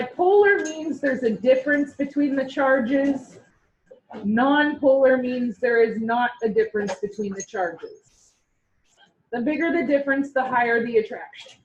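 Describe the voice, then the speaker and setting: A woman with a Canadian accent teaches an online class, her lecture chatty, joking and encouraging. Her voice sits high, and the audio is dull.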